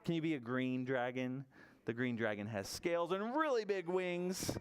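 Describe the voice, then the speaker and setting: A man leading a toddler story time at a library, animated and sing-song as he encourages the children. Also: medium pitch, normal speed, clean tone. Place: public library room.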